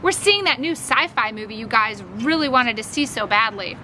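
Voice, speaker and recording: A woman reading an audiobook, voicing an easygoing mother who is breezy, reassuring and gently firm. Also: fairly high pitch, lively intonation, normal speed, background noise, lightly acted. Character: upbeat easygoing mother, middle-aged woman.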